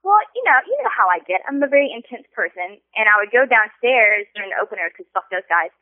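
Woman caller, excitable and profane, quick-talking, phone-line sound. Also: mid-range voice, no room sound. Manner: excitable, swears freely, intense storyteller. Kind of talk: casual call-in chat. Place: on a phone call.

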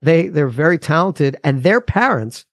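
A man's voice: a little high, lively intonation, normal speed, no echo, clean studio sound. A man in his forties, a musician guest on a podcast, talking casually in a rambling, earnest way with frequent restarts.

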